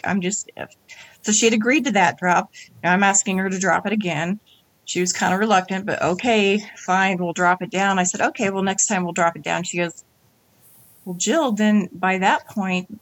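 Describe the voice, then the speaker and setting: A woman in her forties, appearing as an interview guest, tells her story in lively conversation and acts out what other people said. Her voice sits at a medium pitch, and there's no echo.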